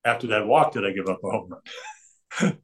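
Older male guest, lowish voice, rambling anecdotes, chatty with easy chuckles. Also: a little fast, fairly bright tone. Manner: chatty, digressive, chuckles between stories. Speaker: interview guest.

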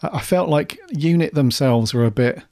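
A man's voice: fairly high pitch, normal speed, mellow. A man co-hosting a podcast, chatting in a friendly, agreeable way. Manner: friendly, agreeable, says "mate". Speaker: podcast co-host. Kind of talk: casual fan chat.

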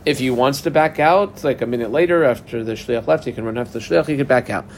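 This Talmud teacher talks fast in a mid-range voice, with slight background noise. Working methodically, he reads short Aramaic phrases, translates them and guides learners through exactly how to mark the text, one step at a time.

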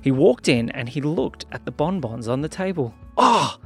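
Man, children's story narration, animated delivery, faint music. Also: medium pitch, moderate pace, breathy edge. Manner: lively, animated reading.

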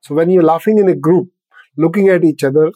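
An older man speaks as a podcast guest, laughing often as he explains things in simple terms. His voice is warm and mellow, pitched a little high for a man. The recording is dry and close. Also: a little fast, no echo, lo-fi sound. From India. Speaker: laughter yoga founder, guest. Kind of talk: podcast interview.

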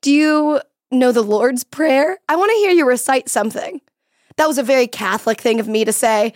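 A woman's voice: sits high, lively intonation, moderate pace. A young woman hosting a comedic podcast, talking in a playful, teasing, jokey way. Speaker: podcast host. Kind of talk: comedic casual chat.

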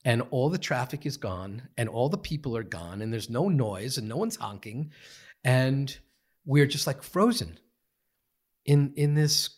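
Low husky guy, earnest, lots of ums and restarts, podcast guest. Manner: earnest, halting, many fillers and restarts. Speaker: guest, meditation teacher. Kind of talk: reflective storytelling. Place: podcast studio.

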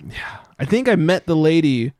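A man telling a story on a casual podcast, profane and animated, with loud outbursts when he quotes himself. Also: on the high side, normal speed, no echo, clean studio sound. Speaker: podcast co-host. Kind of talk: casual chat.

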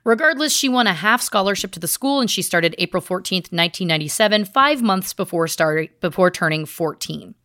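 A woman's voice: on the low side, expressive, fairly quick, few pauses, pushed and bright, no room sound, studio quality. A woman podcast host recounting research in a chatty, casual way, full of asides. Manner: chatty, speaks in asides and restarts. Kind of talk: casual storytelling chat.

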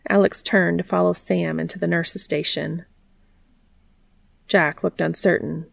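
A woman reading a fan fiction story aloud in a steady, plain narrating manner. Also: fairly low pitch, a little slow, gravelly, long pauses, dry recording.

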